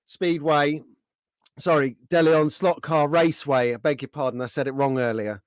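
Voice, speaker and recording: A man's voice: a little high, moderate pace, clear, resonant tone, no echo, clean studio sound. A middle-aged man hosting a casual livestream, chatting and bantering in an upbeat way. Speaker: livestream host. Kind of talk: casual chat.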